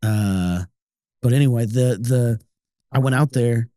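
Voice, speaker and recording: A man's voice: mid-range voice, a little slow, mellow, clear, resonant tone, dry recording, studio quality. A man co-hosting a podcast, telling long rambling stories in casual chat with frequent restarts. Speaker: podcast co-host.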